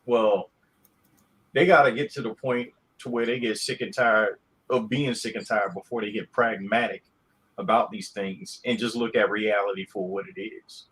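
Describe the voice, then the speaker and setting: A man co-hosting a podcast, speaking in a measured, matter-of-fact way. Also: on the low side, steady tone, a bit bright, breathy edge, low-quality recording. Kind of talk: casual talk.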